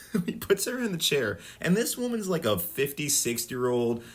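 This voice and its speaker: A man's voice: a little high, moderate pace. A man co-hosting a podcast, retelling a comedy episode in casual chat. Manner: animated storyteller, acts out scenes. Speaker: podcast co-host.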